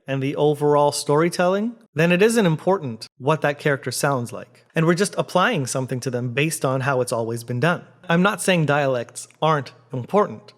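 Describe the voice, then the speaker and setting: A man from Canada, a theatre actor, talking earnestly in a reflective vlog and posing many rhetorical questions. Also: fairly high pitch. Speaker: theatre actor and video host.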